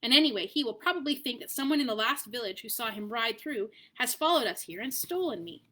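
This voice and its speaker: A haughty talking war horse, voiced by a woman gives orders in a brisk, impatient storybook voice. The tone is bright and a little high, with lively emphasis on the words it cares about. He sounds sure of himself and quick to scold. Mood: brisk, proud. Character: proud adult male talking war horse, brisk, bossy. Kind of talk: storybook read-aloud.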